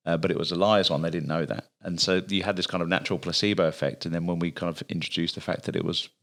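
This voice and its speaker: Deep-voiced easygoing male podcast host. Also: fairly even intonation, fast, fairly bright tone. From Australia. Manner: easygoing, with frequent um fillers. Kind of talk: casual podcast chat.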